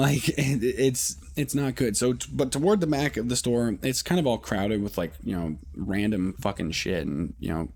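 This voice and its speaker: A man's voice: on the low side, a little mellow. A man hosting a podcast, telling a story in a loose, profane, rambling way with many restarts. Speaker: podcast host. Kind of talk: casual storytelling.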